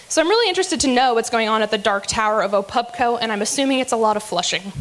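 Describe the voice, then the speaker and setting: A woman with a slightly high voice runs a live comedy roast from the stage. She teases each speaker with a giggly, rambling delivery full of ums and likes. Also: expressive, fast, hardly any pauses. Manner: teasing, giggly, many fillers. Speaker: roast emcee.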